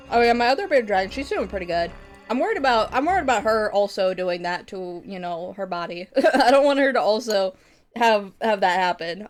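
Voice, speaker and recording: A woman streamer chatting casually, rambling with lots of laughter and swearing. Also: mid-range voice. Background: metal music.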